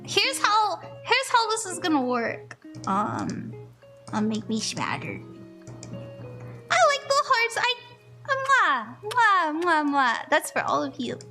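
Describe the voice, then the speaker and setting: A woman's voice: very high-pitched, huge pitch swings, slow pace, pauses often, sharp tone, faint music behind. A tired woman streamer giving palm readings in casual chat, laughing often. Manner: giggly and sleepy, laughing often. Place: room with echo.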